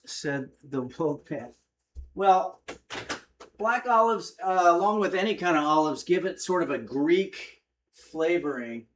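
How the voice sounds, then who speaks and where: Man, cooking stream host, home kitchen, easygoing rambling chat, lots of fillers, slightly high voice. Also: lively intonation, measured pace, fairly bright tone, a little hiss or hum. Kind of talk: casual livestream cooking demo, reading chat.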